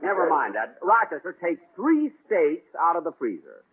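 A man's voice: fairly high pitch, huge pitch swings, normal speed, husky. A man hosting a 1940s radio comedy, talking in an indignant, exasperated way. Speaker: comedy show host. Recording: tinny 1940s radio broadcast.

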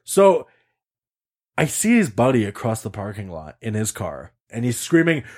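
A man's voice: fairly low pitch, wildly swooping pitch, moderate pace, darkish tone. A young man telling a story in casual chat, acting out quotes and swearing often. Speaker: podcast co-host telling a story.

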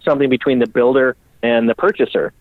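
A man's voice: medium pitch, fairly even intonation, quick pace, no room sound. Blunt, profane man on a phone-like line. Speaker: custom bicycle builder, guest. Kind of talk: candid podcast interview storytelling. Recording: dry, phone-like remote call audio.

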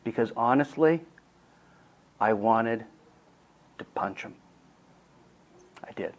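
A middle-aged man giving a teaching talk to counselors, telling a family story in an earnest way that moves from hushed to emphatic. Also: mid-range voice, expressive, slow, poor audio.

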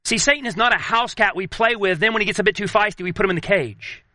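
Earnest high-voiced male pastor, dry sound. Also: bright, forceful tone, no room sound. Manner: earnest, slows and drops low for emphasis. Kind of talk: sermon.

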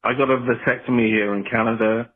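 A man in his forties with an English accent, calling in to tell a story in a dry, deadpan way. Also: medium pitch, fast talker. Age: 40s. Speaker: caller. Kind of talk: phoned-in voicemail story. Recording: tinny phone line.

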